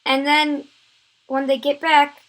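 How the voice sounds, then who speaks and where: Woman vlogger, high voice, unhurried delivery, rambling filler-heavy storytelling. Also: little pitch movement, fairly bright tone, poor audio. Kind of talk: story time vlog.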